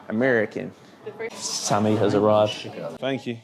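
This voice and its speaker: A man's voice: lowish voice, a little fast, crowd noise. A young British man vlogging casually, blunt and swearing freely, in some stomach pain. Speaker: bodybuilder vlogger. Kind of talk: casual vlog chat.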